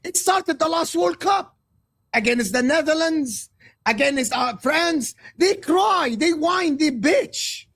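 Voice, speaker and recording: A man's voice: very high-pitched, animated, slow pace, creaky, a bit bright. A man from Egypt, a guest football pundit, ranting passionately about football on a live stream and repeating his points.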